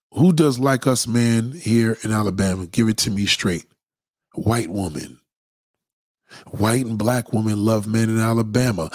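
A man's voice: medium pitch, dry recording, clean studio sound. A man hosting a blunt, profane ranting monologue to his viewers. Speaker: host.

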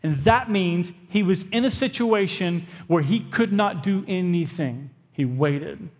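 A man's voice: sits high, measured pace. A young adult man preaching a sermon as a pastor, telling a story in a conversational way and voicing his own thoughts aloud. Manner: storytelling, conversational, talks to himself in quotes. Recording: long hall reverb.

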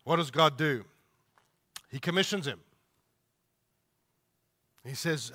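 A man's voice: on the high side, animated, slow, long pauses, pushed and bright. A man preaching a sermon, emphatic, repeating his points and asking the listeners rhetorical questions. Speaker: pastor.

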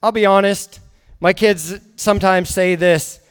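A man's voice: sits high, fairly even intonation, a little slow, clean tone, soft background music. A man preaching a sermon as a guest speaker, telling family stories with acted-out dialogue and frequent restarts. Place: church hall. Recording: echoey hall.

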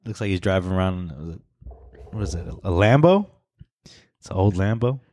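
A man with a lowish voice co-hosts a casual podcast, rambling through stories and news with plenty of profanity and laughter. The sound is dry and close, with no room around him. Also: expressive, brisk, dry recording. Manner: loose, laughing, profane banter with bursts of mock shouting. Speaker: podcast co-host. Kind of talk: casual chat.

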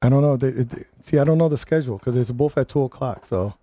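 A man's voice: mid-range voice, quick pace, dark tone. A man hosting a live talk radio show, ranting and restarting his words often as he reads listener comments and programming notes in the studio.

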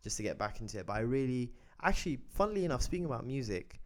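A man's voice: mid-range voice, very animated, very fast. A man hosting a podcast, telling a long story in casual chat, rambling and restarting as he goes. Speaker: podcast host.

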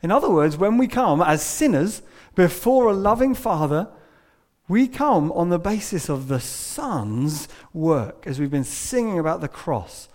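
A preacher gives a church sermon in a sing-song, slightly slow voice that sits a little high for a man. He tells a story, sometimes dropping to a hush and at other moments pressing his points with emphasis.

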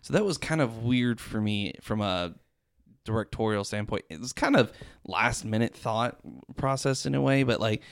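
A man's voice: lowish voice, animated, normal speed, dry recording, studio quality. A young man in a casual movie chat, hesitant and thinking aloud with repeated words. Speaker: podcast co-host.

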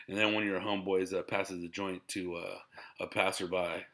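Gravelly laid-back man on a podcast. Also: low-pitched, little pitch movement, normal speed, a bit bright. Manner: laid-back, rambling, laughs a lot. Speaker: podcast host and stand-up comedian. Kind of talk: casual podcast monologue.

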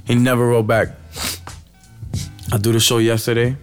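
A man's voice: mid-range voice, little pitch movement, normal speed, soft background music. A man co-hosting a podcast, telling stories in loose, profane street slang. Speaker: podcast co-host. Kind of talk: casual banter.

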